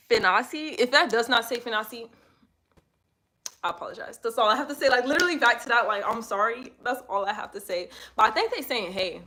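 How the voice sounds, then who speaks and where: A young woman instructor leading a live yoga class. She chats casually with viewers and guides breathing and poses in a steady, easy voice. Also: on the high side, slight background noise. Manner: casual slangy chat, laughs often, reads viewer comments aloud; soft, steady breathing cues while guiding poses.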